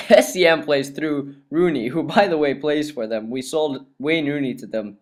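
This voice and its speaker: A young man narrates his football video game match in a recorded voice-over, laughing and swearing as he gets excited. His voice is dry and cracking, sounding a little strained throughout. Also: a little high, unhurried. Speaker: gaming YouTuber. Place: cold room at home.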